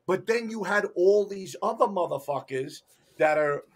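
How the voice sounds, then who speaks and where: A man's voice: sits high, moderate pace. A man, a guest telling firehouse stories in a profane, emphatic way. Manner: profane, animated, emphatic storytelling. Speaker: podcast guest, retired firefighter. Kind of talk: casual storytelling.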